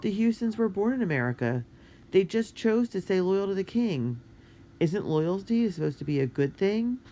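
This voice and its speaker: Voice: mid-range voice, sing-song, normal speed, dark tone, voice pushed up. A narrator voicing a thoughtful young girl who asks earnest questions.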